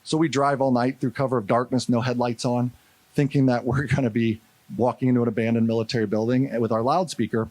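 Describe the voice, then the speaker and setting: A medium-pitched man from St. Louis, USA, speaks briskly in a clean recording with no echo. Giving a storytelling keynote at a conference, he's animated and acts out the quotes of the people in his story.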